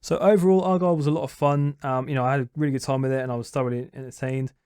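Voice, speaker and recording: A man's voice: medium pitch, fairly even intonation, racing, darkish tone, clear, resonant tone, no echo, clean studio sound. A young man chatting casually through a movie review, rambling and hesitant with lots of restarts.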